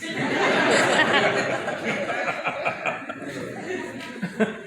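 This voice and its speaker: A man from Indiana doing a stand-up set on a theater stage, telling stories in a quick, conversational way. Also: very high voice. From Indiana, USA. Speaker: stand-up comedian. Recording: echoey theater, far from mic, noisy.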